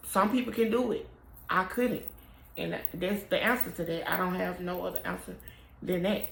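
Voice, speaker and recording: Young woman, very gravelly voice, halting emotional storytelling, roomy echo. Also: lowish voice, steady tone, a bit bright. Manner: halting, emotional, often trailing off. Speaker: mother telling her story. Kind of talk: personal storytelling to camera.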